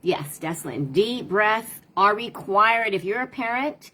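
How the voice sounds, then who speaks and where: Husky woman coaching parents live. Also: medium pitch, animated, slow, sharp tone, rough recording. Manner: conversational, rhetorical questions, answers viewer comments. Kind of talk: live-stream talk to viewers.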